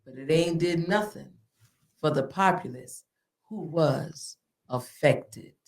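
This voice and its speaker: A woman's voice: sits low, slow pace. A middle-aged woman, hosting a casual podcast interview. She talks in an emphatic, preacherly way and repeats lines for stress. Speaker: alderwoman and podcast host. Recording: echoey room, far from the mic.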